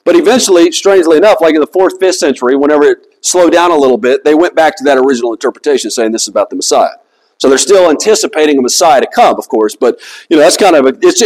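A man's voice: fairly high pitch, low-quality recording. A man preaching a sermon in a conversational, emphatic way, asking his listeners rhetorical questions. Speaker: pastor.

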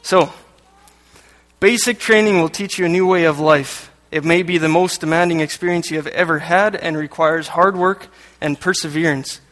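A man from Canada delivers a sermon with a fairly high voice, reading passages aloud and dropping dry jokes in between. His voice rings out with a long reverb through a church hall. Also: moderate pace, fairly bright tone. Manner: joking asides between read passages. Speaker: lay preacher.

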